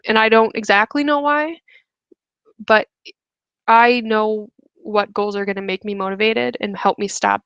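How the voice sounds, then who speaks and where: In this casual coaching webinar, a young woman talks to viewers chattily, her sentences stuffed with "like" and "um." Her voice is a little high, creaky and fairly bright, with a clean tone. The recording is lo-fi but echo-free.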